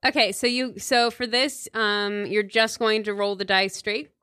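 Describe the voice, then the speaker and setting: A woman's voice: mid-range voice, fairly even intonation, unhurried, bright, forceful tone, clean tone. A woman narrating a tabletop game as game master, hesitant and laughing often between lines. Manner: hesitant, lots of fillers and laughter.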